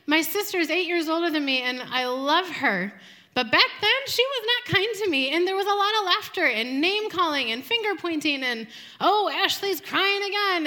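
A young woman giving a devotional talk to a group, speaking slowly and earnestly with reflective pauses. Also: high voice, bright, forceful tone.

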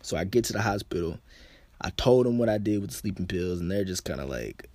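A man's voice: low voice, expressive, fast talker, warm tone, no echo. A young man telling a personal story to his viewers in a casual, slangy way, full of "like" fillers. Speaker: vlogger.

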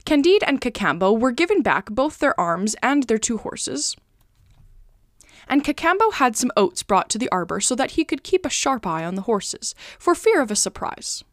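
Expressive woman narrating a classic story. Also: fairly high pitch, normal speed, no echo, clean studio sound. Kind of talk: storybook reading.

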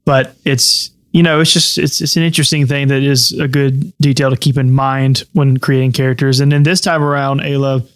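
A man's voice: mid-range voice, flat delivery, normal speed, hardly any pauses, no room sound. A man hosting a casual podcast chat as game master, repeating words as he thinks aloud.

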